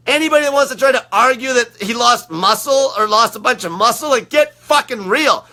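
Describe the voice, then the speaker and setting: A man in his thirties rants at his listeners, swearing nearly every sentence and hammering the same phrases over and over. His voice sits very high and cuts sharply. He sounds like a blunt, aggressive motivator for his own diet group. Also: a little fast, sharp tone. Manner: aggressive, profane, repetitive. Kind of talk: profane motivational rant.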